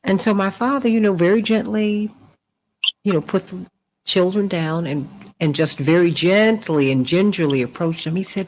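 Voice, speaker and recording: A woman hosting a radio talk show, telling stories with lively, rising delivery. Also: moderate pace, poor audio. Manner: animated storytelling, rising pitch in quotes. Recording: radio broadcast.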